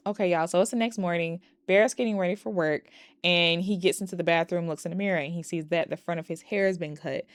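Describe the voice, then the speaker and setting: A woman recapping a horror movie in a casual, animated and profane way, breaking into laughs. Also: on the low side, smooth, no room sound, clean studio sound. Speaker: movie reviewer.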